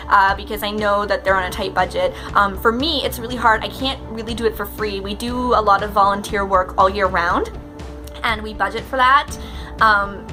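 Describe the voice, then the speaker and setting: A chatty, bubbly woman, talking casually to the camera in a vlog. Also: medium pitch. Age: 30s. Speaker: professional mermaid vlogger.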